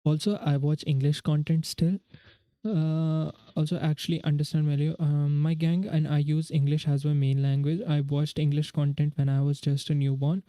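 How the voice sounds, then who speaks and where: Young man from India, casual stream chat, muttering through answers, very dark voice, flat delivery. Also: fairly high pitch, normal speed, clear, resonant tone, no echo. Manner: thinking aloud, muttering through quiz answers. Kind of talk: casual livestream chat while studying.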